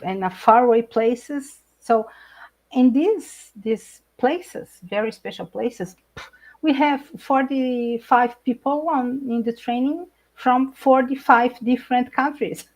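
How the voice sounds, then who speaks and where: A middle-aged Brazilian woman speaking English with a Brazilian Portuguese accent, an animated guest in a live video chat who laughs often and searches for words. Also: on the high side, takes it slowly, poor audio. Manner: animated, laughs often, hesitant non-native phrasing. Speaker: guest speaker, intercultural trainer.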